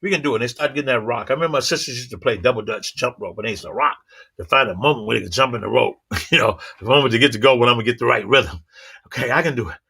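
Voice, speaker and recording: A man giving a motivational talk, telling animated stories with sound effects and rhythmic, preacherly repetition. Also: medium pitch, very fast, creaky, slightly rough. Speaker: motivational speaker.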